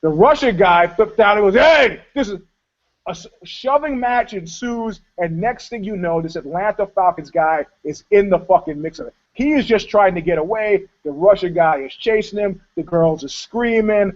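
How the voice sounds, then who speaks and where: A man telling a profane, animated story in a casual chat, laughing along as he goes. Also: high voice, normal speed, few pauses. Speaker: co-host. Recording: dull lo-fi sound.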